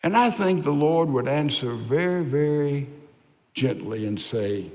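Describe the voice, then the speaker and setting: An older man preaching a sermon as pastor. His delivery is emphatic and at times drops to soft, hushed lines. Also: fairly high pitch, animated, a little slow. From United States. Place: large church sanctuary. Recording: reverberant large church hall.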